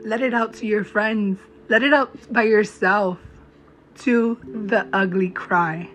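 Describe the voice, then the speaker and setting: A woman's voice: medium pitch, fairly even intonation, a bit bright. A young adult woman, a mother, speaking to camera in a heartfelt, blunt, profane and encouraging monologue. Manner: blunt, profane, encouraging, slow emphatic phrasing. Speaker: mom vlogger. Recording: slightly dull lo-fi recording with faint music behind.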